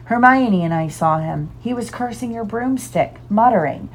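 A woman's voice: fairly high pitch, expressive, moderate pace, creaky, slight background noise, pitched above the performer's own voice, low-quality recording. A woman puts on a worried young schoolboy wizard for a storybook. He explains earnestly in a slightly raised voice.

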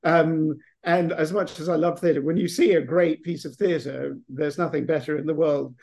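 A man's voice: on the high side, steady tone, normal speed, vocal fry, darkish tone. English man rambling through an interview. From England. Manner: rambling, many restarts and fillers. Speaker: author guest. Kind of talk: podcast interview.

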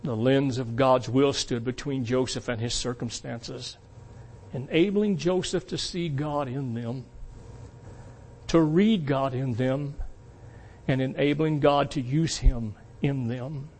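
A man preaching a sermon to his congregation, emphatic and asking them rhetorical questions, swinging between loud peaks and quiet asides. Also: mid-range voice, slow pace, a little hiss or hum. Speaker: pastor.

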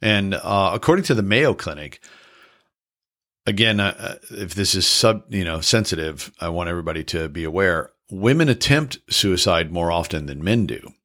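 Casting: deep-ish male podcast co-host, earnest explainer with a playful streak. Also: lively intonation, moderate pace, a bit bright. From American Midwest. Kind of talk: casual chat.

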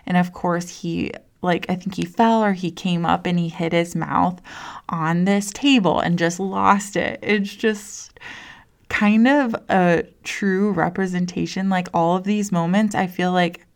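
Chatty young mom, smooth flat voice. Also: female voice, on the low side, measured pace. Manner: chatty, says "like" constantly, restarts often. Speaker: mom sharing parenting stories. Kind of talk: casual personal talk to listeners.

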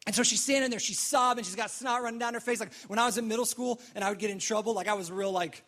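A young man preaching a sermon, telling the story with animated, acted-out reactions. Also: high voice, fast. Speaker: pastor.

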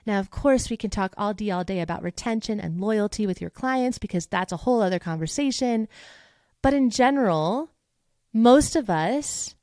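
A woman's voice: fairly high pitch, mellow, no echo, studio quality. A woman hosting a podcast as a voice teacher, talking in a casual, upbeat and motivational way and acting out the thoughts she quotes. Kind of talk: casual solo podcast talk.

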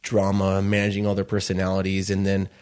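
A man's voice: low voice, monotone, a little fast, darkish tone. A man in his thirties from Chicago, a restaurant owner telling his story in an interview, rambling loosely and acting out the dialogue he quotes. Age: 30s.

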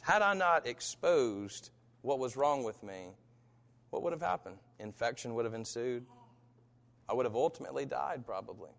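A pastor preaching a sermon and telling a personal story with animation, acting out the voices of people in it. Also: male voice, mid-range voice. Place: church. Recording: reverberant hall.

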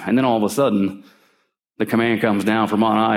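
A middle-aged man gives a sermon in a lowish voice, telling stories as he goes. He clears his throat often, and his voice climbs when he acts out what someone said. His delivery stays conversational. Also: steady tone, normal speed. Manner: storytelling, clears throat often, voice rises when acting out quotes. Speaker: preacher.

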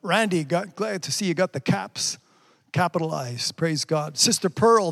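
Fervent high-voiced preacher man. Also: expressive, unhurried, creaky, a bit bright. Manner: fervent, reading out viewer comments, exclaiming praise. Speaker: pastor. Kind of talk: livestreamed sermon.

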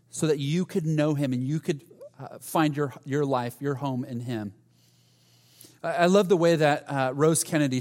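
A man preaching a sermon as a pastor, earnest, often restarting his phrases and dropping softly in volume. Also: medium pitch. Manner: earnest, with frequent restarts and soft drops in volume. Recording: reverberant hall.

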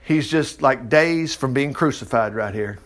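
A man teaching from the Bible in a folksy, animated way, breaking in with his own exclaimed asides, then praying. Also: mid-range voice, unhurried. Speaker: preacher. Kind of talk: informal Bible teaching and prayer.

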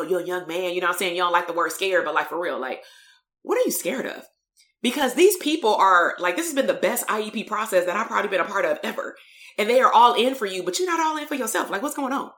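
Animated storytelling woman from Compton. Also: mid-range voice, fast talker. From Compton, California. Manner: animated storytelling with slang and fillers. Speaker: therapist. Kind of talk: storytelling talk.

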